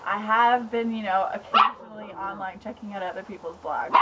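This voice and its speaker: A young woman book blogger chatting casually on camera at home, excitable and rambling, with lots of "like". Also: mid-range voice, a little fast, noisy background. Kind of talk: casual vlog chat. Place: home with pets around.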